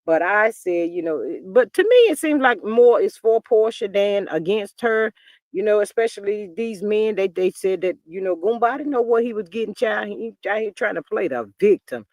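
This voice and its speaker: A man's voice: high voice, normal speed, dry recording. A man hosting a livestream, reading chat and gossiping in a sassy, drawling way and calling everyone "child". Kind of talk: casual gossip commentary reading live chat.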